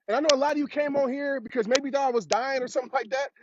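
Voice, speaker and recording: A man with a very high voice delivers a motivational talk and drives his points home by repeating them. The recording is dull and lo-fi. A steady hiss runs underneath. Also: racing. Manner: preachy, repeats phrases for emphasis. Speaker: motivational speaker. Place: outdoors on a road. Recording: dull lo-fi sound with clear hiss.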